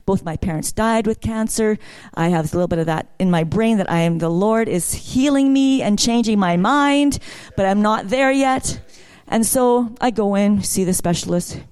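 A woman's voice: medium pitch, normal speed, hardly any pauses, darkish tone, clear, resonant tone. Middle-aged woman giving a church testimony, chatty and personal, building to fervent praise. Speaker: worship leader sharing a testimony.

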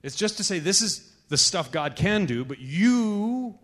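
A man leading a church gathering, teaching in a relaxed, conversational way. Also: high voice, measured pace. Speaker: church leader. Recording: echoey hall reverb.

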